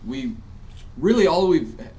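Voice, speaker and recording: A man's voice: on the high side, big pitch swings, unhurried, warm tone, a little hiss or hum. A man hosting a casual live-stream chat from a hotel room, laughing often. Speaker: podcast host.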